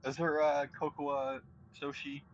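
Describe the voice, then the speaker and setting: A man's voice: on the high side, monotone, a little slow, dull audio, slight background noise. A man chatting casually while gaming, nervous and stammering, restarting his sentences.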